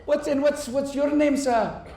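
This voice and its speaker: A man's voice: very high voice, measured pace, creaky. A man doing stand-up crowd work on stage, teasing audience members and laughing along as he goes. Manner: teasing, animated, bursts of laughter. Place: large cruise ship theater. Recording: roomy live theater with crowd.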